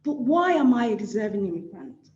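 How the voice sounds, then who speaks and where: A woman's voice: a little high, big pitch swings, brisk, mellow, reverberant, highs cut off. A woman with a Nigerian accent giving an award lecture, emphatic and repeating phrases for stress.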